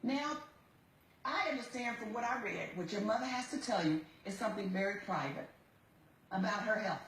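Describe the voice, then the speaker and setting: A woman's voice: medium pitch, expressive, normal speed, a bit bright. A woman presiding as a TV judge, lecturing in a stern, blunt and scolding way. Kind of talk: courtroom lecturing. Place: TV courtroom studio. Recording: roomy courtroom sound.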